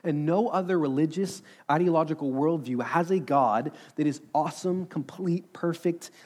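Earnest preaching man, slightly high voice. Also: normal speed, darkish tone. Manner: earnest, conversational preaching with rhetorical questions. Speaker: pastor. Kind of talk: sermon.

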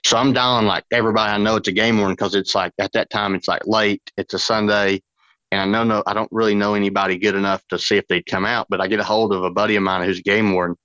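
A man, a fishing guide on a podcast, telling a long story in a rambling, excited way with lots of fillers. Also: fairly low pitch, fast talker, no echo, muffled recording. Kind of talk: casual storytelling.

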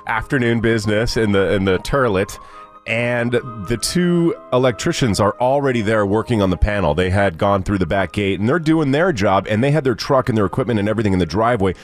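A man's voice: fairly low pitch, brisk. Radio guy telling a goofy story, voice jumps all over, faint music under him. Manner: animated storyteller, shouts and mimics voices for laughs. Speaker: radio show co-host. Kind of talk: comedic storytelling on a morning radio show.

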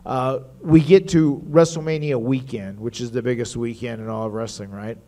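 A man's voice: mid-range voice, normal speed. A man telling wrestling stories at a live stage show, acting out what other people said. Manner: animated storyteller acting out others' lines.

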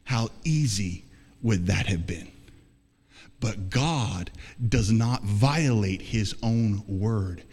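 A man's voice: fairly low pitch, very slow, a little mellow, husky. A man preaching an emphatic sermon as pastor, calling for responses from the congregation. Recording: long reverb of a large hall.

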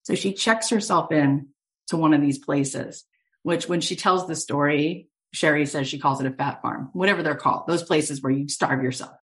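A woman podcast host and coach, telling a story in an animated, emphatic way with lots of casual fillers. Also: low voice, moderate pace. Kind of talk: storytelling monologue.

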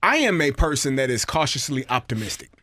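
A man co-hosting sports talk radio, speaking in a lively way with frequent laughs and repeated words. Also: mid-range voice, a little fast.

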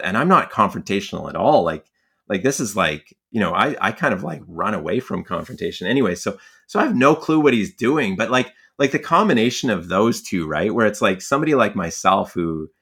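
A man tells a story in a low, gravelly voice, rambling and full of filler words. He sounds like a young adult chatting casually as an interview guest. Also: big pitch swings, brisk, fairly bright tone. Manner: rambling, heavy on filler words, laughs often. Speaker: guest, fly angler and magazine writer.

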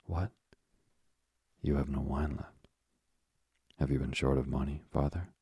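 A man's voice: a bass voice, steady tone, unhurried, gravelly, mellow, slightly rough, no echo, studio quality, exaggerated voice. A man voicing an earnest young sailor speaking to his father in an audiobook, urgent and eager.

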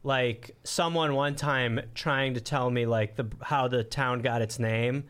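A man from Wisconsin in casual comedic chat, animated and slipping into quick mocking voices. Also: mid-range voice, clean tone. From Wisconsin, USA. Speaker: podcast guest.

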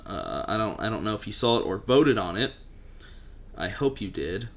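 A man's voice: fairly low pitch, very animated, normal speed. A man co-hosting a podcast, chatting casually and teasing his co-host. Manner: joking, teasing, runs the segment. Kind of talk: casual chat.

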